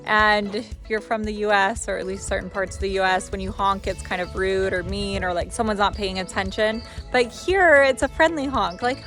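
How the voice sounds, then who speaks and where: A woman's voice: medium pitch, fairly even intonation, moderate pace, hardly any pauses, fairly bright tone, soft background music. A young woman hosting a travel vlog, chatting in a bubbly way and leaning on casual filler words. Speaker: vlogger host.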